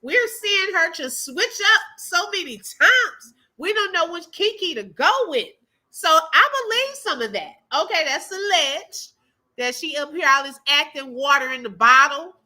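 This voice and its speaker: A woman's voice: high voice, lively intonation, measured pace, pushed and bright, poor audio. A woman hosting a reaction channel, reacting to clips in casual commentary, laughing often and exclaiming in drawling slang asides.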